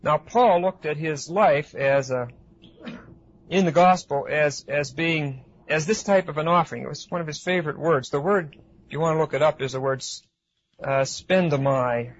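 A man teaches a Bible class in a slightly high voice, pausing often with fillers and checking in with his listeners. The recording is dull and lo-fi. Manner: hesitant with frequent uh fillers, asks class questions. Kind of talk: expository Bible lecture.

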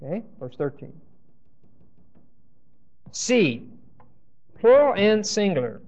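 A man with a fairly high voice leads a Bible lecture, reading verses aloud and quizzing his class. He keeps checking in with an "okay?" as he goes. The recording is dull and lo-fi. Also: animated, slow pace, long pauses, darkish tone. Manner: checks in with the class, asking questions and saying "okay?"; reads scripture aloud and explains it. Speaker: Bible teacher.

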